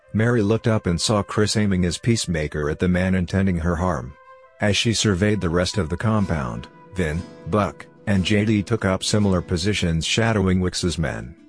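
A man narrating a story in a steady, measured scripted reading. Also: low-pitched. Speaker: audiobook narrator.

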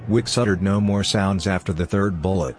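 A man narrating a story in a steady, measured scripted reading. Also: low-pitched. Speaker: audiobook narrator.

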